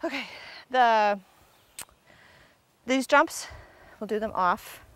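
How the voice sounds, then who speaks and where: Bright, high-pitched woman training a dog. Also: slow, no echo. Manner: bursts into high squealing praise for a dog, laughs often. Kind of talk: hands-on coaching and explaining.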